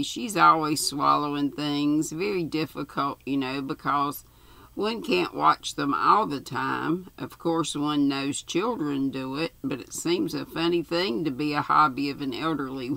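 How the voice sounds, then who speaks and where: An older woman reading aloud, voicing a brisk, cheerful middle-aged woman who runs a care home, in a comfortable tone. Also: low voice, creaky, pushed and bright, no room sound, exaggerated voice. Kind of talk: storybook reading.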